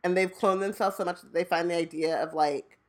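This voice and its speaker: A woman's voice: lowish voice, brisk. A woman co-hosting a casual podcast, retelling a story animatedly and peppering it with "like". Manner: animated storytelling with frequent 'like'. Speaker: podcast co-host. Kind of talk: casual chat.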